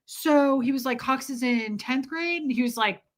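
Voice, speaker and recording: On a casual livestream, a young woman with a high voice chats her way through a story at a normal pace. She animatedly performs the quotes and laughs often.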